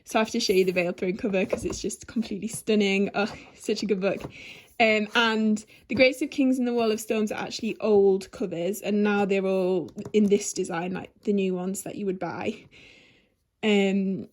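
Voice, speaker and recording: A young woman from England talks through her bookshelves in a loose, chatty way. She rambles, fills gaps with ums and breaks into small giggles, with her voice sitting at an ordinary middle pitch. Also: steady tone, normal speed. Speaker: book vlogger. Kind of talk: casual bookshelf tour. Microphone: handheld camera.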